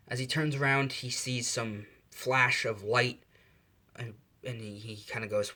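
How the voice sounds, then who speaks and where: A man's voice: medium pitch, steady tone, a little slow, pushed and bright. A man casually narrating a fan story in a loose, unscripted way. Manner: loose, with fillers and restarts.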